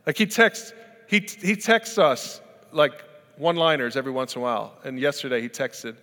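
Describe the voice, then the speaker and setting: A man's voice: mid-range voice, fairly quick, a bit bright. Conversational man preaching with long reverb. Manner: conversational, storytelling with acted-out quotes. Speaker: pastor. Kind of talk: sermon.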